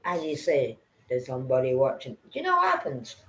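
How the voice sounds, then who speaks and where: A woman telling a story in casual chat, animated and profane, acting out what people said. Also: a bass voice, brisk. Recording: echoey room.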